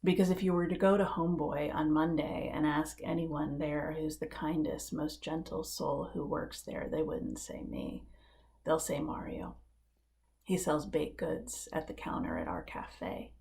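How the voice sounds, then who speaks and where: A woman minister preaching a live-streamed sermon from a living room. Her voice sits low and carries a gravelly edge. She tells her story in a measured, earnest way, leaning on quiet emphasis. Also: animated. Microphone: live-stream setup.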